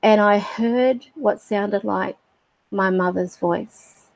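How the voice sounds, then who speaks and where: A middle-aged woman telling a personal story on a livestream, halting and reflective with many fillers. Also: mid-range voice, vocal fry, no room sound, rough recording. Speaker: spiritual livestream host.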